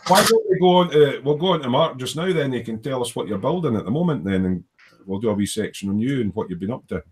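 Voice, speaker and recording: A man's voice: mid-range voice, expressive, fast, breathy edge. A man hosting a casual live stream from his hobby workshop, reading viewers' comments aloud in a jokey, rambling way and laughing easily. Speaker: livestream host.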